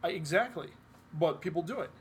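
A man's voice: fairly high pitch, lively intonation, a little fast, a little hiss or hum. Rambling man co-hosting a casual podcast. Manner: rambling, restarts often, self-corrects. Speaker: podcast co-host. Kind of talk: casual chat.

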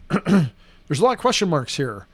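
A man's voice: on the high side, big pitch swings, slow, slightly rough, no echo. A man co-hosting a podcast in casual banter, reading out listener posts in a playful way. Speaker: podcast host.

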